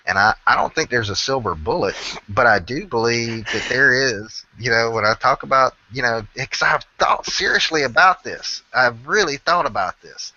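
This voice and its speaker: A man with a Southern country accent rambles through a casual, swearing-laden chat. His voice is very bright and forceful. The audio is dull and lo-fi. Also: mid-range voice, normal speed, hardly any pauses. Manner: rambling, profane, swears constantly.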